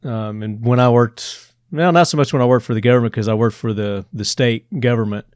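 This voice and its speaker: A man with a Southern accent hosts in a loose, chatty way, at a mid pitch. His voice sits close and dry, with no room behind it. He talks in quick asides and trailing thoughts. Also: a little mellow, clean tone, dry recording. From Tennessee. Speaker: podcast host. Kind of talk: casual interview talk.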